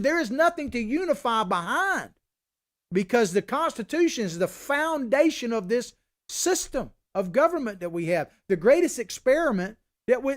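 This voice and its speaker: Middle-aged male political talk host; impassioned, animated delivery in a high voice. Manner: impassioned, swings from loud emphatic peaks to low quiet asides. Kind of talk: opinionated political commentary.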